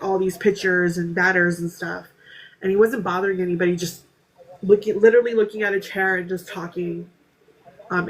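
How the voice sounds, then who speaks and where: A woman guest on a podcast panel, recounting her own story in a low-key, level voice that barely rises or falls. She hesitates often and circles back with fillers and restarts. Her voice drops softly at times as she gathers her thoughts. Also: poor audio. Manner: halting, frequent fillers and restarts. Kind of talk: candid personal storytelling.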